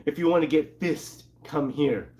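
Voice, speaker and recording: Male host, fairly high voice, lively casual comic recap. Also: a little slow. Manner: animated, acts out quotes in excited higher voices. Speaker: comic book show host.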